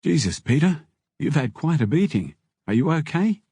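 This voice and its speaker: A man's voice: a little high, sing-song, moderate pace, dark tone, husky, dry recording, studio quality, voice pushed up, heavily acted. A man doing a careful, concerned lawyer. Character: middle-aged male defence lawyer, earnest.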